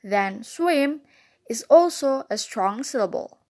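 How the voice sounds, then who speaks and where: Slow, high-voiced woman teaching phonetics. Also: expressive, dark tone. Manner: careful, sounds out vowels and letters one by one. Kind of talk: scripted lesson narration.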